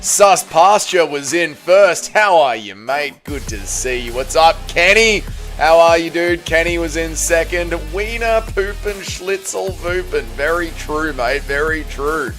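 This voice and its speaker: A hoarse man with an Australian accent hosting a casual livestream, reading viewer comments with loud, playful banter. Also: a little high, unhurried, soft background music. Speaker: livestream host.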